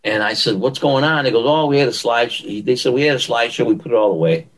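Poor audio captures an ex-professional bodybuilder in a storytelling interview, animatedly playing out the quotes of people in his tales. He talks quickly at a medium pitch.

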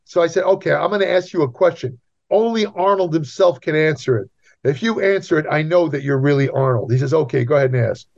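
A man's voice: fairly high pitch, lively intonation, quick pace, creaky, darkish tone. Rambling male guest on a dull line. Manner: rambling, repeats himself, many restarts. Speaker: guest writer. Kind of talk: casual interview chat. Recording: dull lo-fi sound.

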